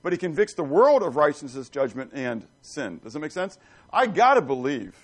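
A man's voice: fairly high pitch, very animated, moderate pace. A middle-aged man preaching a conversational sermon, telling folksy stories and checking in with the congregation with questions. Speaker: pastor.

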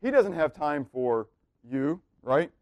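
A man teaching a Bible class, asking questions and waiting for answers, swinging from loud emphasis to near-murmured asides. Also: a little high, sing-song, slow pace, dry recording, lo-fi sound.

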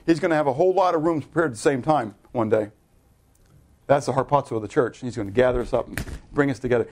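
A middle-aged man preaching a sermon, animated and conversational, asking the congregation to answer and correcting himself in loose asides. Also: medium pitch, fast talker. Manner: animated preaching with audience call-and-response. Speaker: pastor.

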